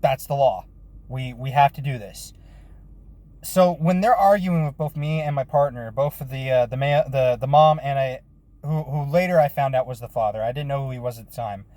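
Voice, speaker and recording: A man telling a lively, profane story about his work as a bounty hunter, with frequent restarts. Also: medium pitch, normal speed, no echo. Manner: lively retelling with swearing and restarts. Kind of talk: casual storytelling vlog.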